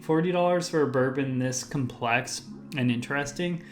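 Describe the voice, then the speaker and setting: A man at a middle pitch talks through a whiskey tasting on his own review channel. He strings together flavor notes in a relaxed, rambling way, peppered with "like." Soft music plays faintly behind him. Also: normal speed. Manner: rambling lists of tasting notes, full of "like" fillers.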